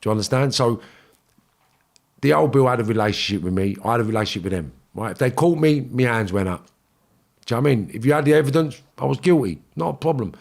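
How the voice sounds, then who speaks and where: A man's voice: mid-range voice, expressive, fast talker, gravelly. A middle-aged man with a London accent, a podcast guest telling stories in casual chat, blunt and full of swearing. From England. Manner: blunt, swearing, acts out quotes in raised voice.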